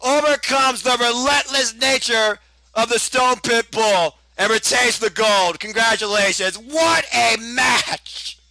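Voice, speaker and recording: A man calling a wrestling match live, in rapid, excited play-by-play. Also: very high-pitched, creaky, no room sound, low-quality recording. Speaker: play-by-play commentator. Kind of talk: live wrestling watch-along commentary.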